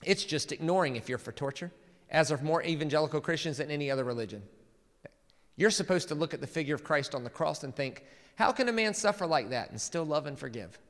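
A man reading a quote aloud from the pulpit in a put-on American Southern accent, loud and emphatic, with long hall reverb. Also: on the high side, expressive, fast talker, pitched above the performer's own voice. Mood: mocking. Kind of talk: sermon.

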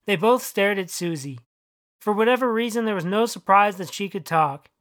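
Bright, dry-voiced storyteller. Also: medium pitch, animated, normal speed, dry recording. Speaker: author and narrator. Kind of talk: audiobook reading and casual commentary.

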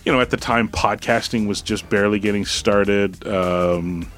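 A man's voice: lowish voice, fairly even intonation, normal speed, fairly bright tone, faint music behind. A man co-hosting a podcast in casual chat, rambling with restarts and laughs. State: hiccups, drinking beer. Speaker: podcast co-host.

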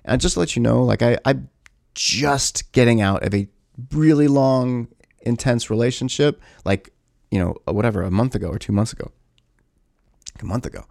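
A man's voice: mid-range voice, moderate pace, creaky, a little mellow, no room sound, clean studio sound. A man casually telling a story to his camera in a rambling, self-correcting, sometimes profane way. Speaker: vlogger.

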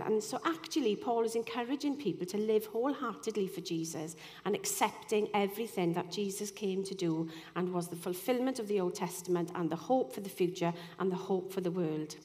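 A woman's voice: mid-range voice, fairly quick, few pauses, darkish tone. A woman giving an earnest, conversational sermon, dotted with "you know" asides. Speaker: speaker giving a devotional talk. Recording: long hall reverb.

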